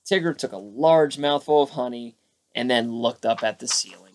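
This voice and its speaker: A man reading a children's storybook aloud as a bedtime story, with lively character voices. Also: mid-range voice, normal speed. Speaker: storybook narrator.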